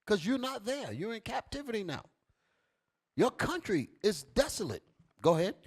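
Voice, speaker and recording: A fiery male preacher with a fairly high voice that leaps all over the place. He commands a reader to read and then drives each verse home, dropping low and quiet, then rising loud and high. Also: sing-song, moderate pace, husky. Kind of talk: street sermon with scripture reading.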